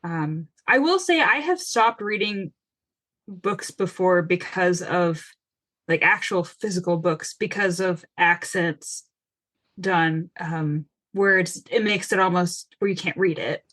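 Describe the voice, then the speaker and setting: A young woman who is a guest on a casual book podcast, friendly and quick to laugh as she chats. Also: lowish voice, a bit bright, no room sound. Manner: friendly, laughs between remarks.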